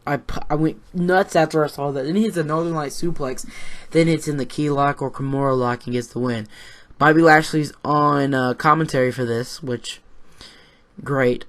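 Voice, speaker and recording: A man giving a casual, rambling recap of a wrestling show, excitable and swearing freely, with lots of fillers and restarts. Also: a little high, moderate pace.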